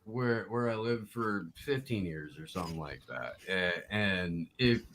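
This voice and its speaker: Slow-talking, rambling man. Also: deep voice, expressive, fairly bright tone, a little hiss or hum. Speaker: podcast co-host. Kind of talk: casual chat.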